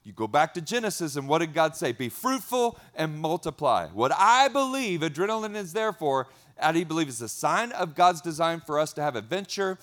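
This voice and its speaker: A man preaching a sermon as a pastor, energetic, repeating key words and swinging between loud and soft. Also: on the high side.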